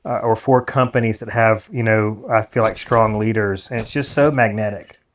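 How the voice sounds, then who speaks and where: A man's voice: fairly low pitch, fairly even intonation, normal speed. A man in his forties co-hosts a podcast in a casual, earnest way. He stops and restarts his sentences often as he works his thoughts out aloud. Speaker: podcast co-host. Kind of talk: casual political chat.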